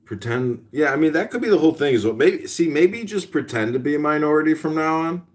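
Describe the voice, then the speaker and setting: A man's voice: on the high side, expressive, fast. A man hosting a podcast, bantering crudely and reading an old story aloud. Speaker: podcast host.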